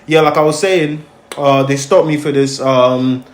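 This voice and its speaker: A man's voice: medium pitch, measured pace. Young man telling stories in an echoey room. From Congo, raised in America, now UK. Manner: rambling and animated, acts out voices, heavy slang fillers. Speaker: host. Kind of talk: casual storytelling chat.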